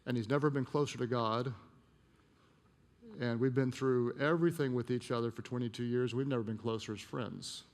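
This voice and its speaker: A male pastor preaching a sermon, telling a personal story and dropping to a hushed voice at emotional moments. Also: medium pitch, steady tone, moderate pace, in a large hall. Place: church auditorium.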